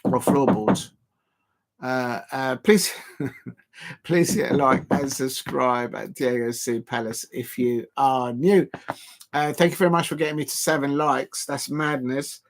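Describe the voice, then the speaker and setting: Speaking at a measured pace in a steady, medium-pitched voice, a man runs a live football watch-along. He rambles to his chat viewers, padding pauses with fillers and restarting sentences.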